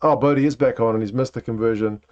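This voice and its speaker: A man talks through a live rugby watch-along in a chatty, reactive way, turning to greet viewers between plays. His voice sits at an ordinary middle pitch for a man. The stream audio is dull and lo-fi. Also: fairly even intonation, fast, darkish tone. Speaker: livestream host. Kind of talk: casual watch-along commentary.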